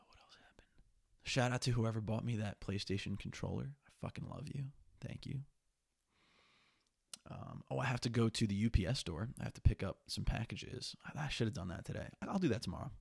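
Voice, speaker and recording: A young man talks through his day in a loose, profane solo podcast monologue. His voice sits low and has a gravelly fry to it. He sounds restless and slightly sniffly, and the sound is close and dry with no room echo. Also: a little fast. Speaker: podcast host.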